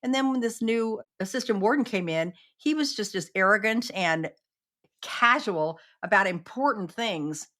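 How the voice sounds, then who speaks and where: A woman's voice: medium pitch, lively intonation, normal speed, a bit bright. A woman guest on an interview podcast telling a personal story earnestly and acting out the quoted exchanges.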